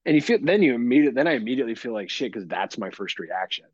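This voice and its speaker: A man's voice: mid-range voice, big pitch swings, quick pace, a little mellow, slightly rough, no echo. A blunt man in his thirties talks loosely, swearing as he goes and poking fun at himself. His voice sits mid-range, close and dead-dry, with a slightly muffled, lo-fi tone. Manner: blunt, swears freely, self-mocking. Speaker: podcast co-host. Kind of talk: casual chat. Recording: dry, dull lo-fi sound.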